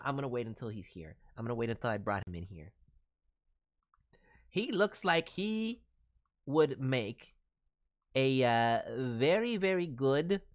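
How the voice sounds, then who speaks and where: A man chats slowly on a live stream, playful and rambling, his voice rising and falling a lot as he goes. He slips into quirky, broken grammar on purpose. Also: mid-range voice. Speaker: voice director streamer. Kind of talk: live stream chat, voicing viewers' characters.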